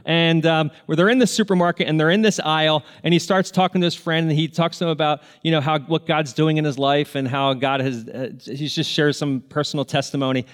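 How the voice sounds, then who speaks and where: A man with a high voice preaches, telling stories in an earnest, heartfelt way. He keeps a sermon's conversational storytelling tone. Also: steady tone, brisk, few pauses. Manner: earnest, emotional, tearful at moments. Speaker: pastor.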